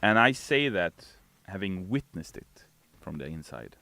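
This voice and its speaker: A man's voice: low-pitched, big pitch swings, vocal fry, bright, forceful tone, no room sound. A man with a Swedish accent, a game developer live-streaming and reading chat, joking around in a playful, theatrical way. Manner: playful, theatrical, quick to put on silly voices.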